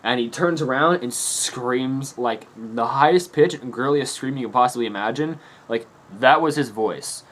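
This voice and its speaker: A man's voice: medium pitch, normal speed, a bit bright. A young man telling a story to his camera in a rambling, casual way, laughing and swearing often. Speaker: vlogger. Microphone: camera mic.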